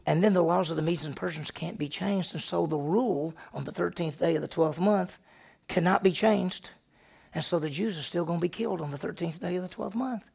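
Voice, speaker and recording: Gravelly storyteller retelling a Bible story. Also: mid-range voice, a little fast. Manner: lively, conversational retelling. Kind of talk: telling a Bible story to a group.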